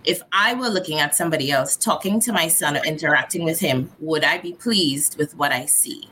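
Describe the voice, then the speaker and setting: A woman's voice: sits low, brisk, slight background noise, poor audio. A woman in her thirties from Trinidad and Tobago with a Trinidadian accent, speaking candidly and reflectively as a guest in a casual conversation. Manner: candid, reflective, animated storyteller.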